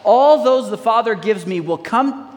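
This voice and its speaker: A man with a notably high voice preaches a sermon, reading scripture and asking the congregation to call out answers. His voice rings with the long reverb of a large hall. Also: animated, measured pace. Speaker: pastor.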